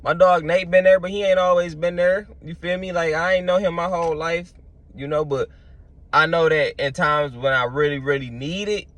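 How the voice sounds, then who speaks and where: Slangy young man, bright voice. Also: fairly high pitch, fairly even intonation, moderate pace. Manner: loose, slangy, with lots of fillers. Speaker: vlogger. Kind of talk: casual storytelling monologue.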